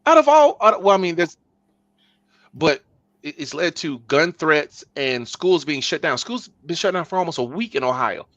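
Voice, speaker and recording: A man hosting a podcast in casual political chat, talking emphatically and building to loud bursts. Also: a little high, expressive, normal speed, no echo, dull audio. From Texas. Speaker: podcast host.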